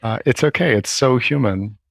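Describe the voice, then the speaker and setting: A man facilitating a workshop, calmly and slowly repeating phrases while leading a tapping session. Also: mid-range voice, vocal fry, no room sound.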